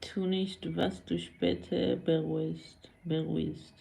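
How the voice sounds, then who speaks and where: A woman's voice: sits low, little pitch movement, slow, vocal fry, mellow. A woman live streamer chatting casually with viewers, blunt and scolding, answering comments and switching between languages.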